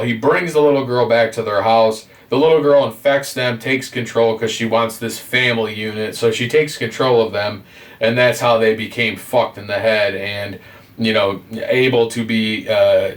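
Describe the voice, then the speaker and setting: A man giving a rambling game review, full of constant swearing and animated retelling. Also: mid-range voice, recorded from a distance. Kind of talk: profane ranting game review.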